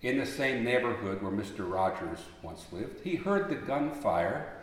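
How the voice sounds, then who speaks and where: Preaching expressively in a large church, a man relates stories slowly and deliberately. Moments of emphatic appeal swell and then subside into quiet, and every word rolls through the sanctuary in a long, booming echo.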